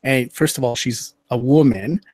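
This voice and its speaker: A man talks through a personal story in a casual, measured way. He stops often and restarts his sentences. His voice sits at an ordinary mid pitch, and the recording is dry and close with no room sound. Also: darkish tone, no room sound. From Canada. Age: under 60. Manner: measured, halting telling with frequent restarts. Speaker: livestream show host.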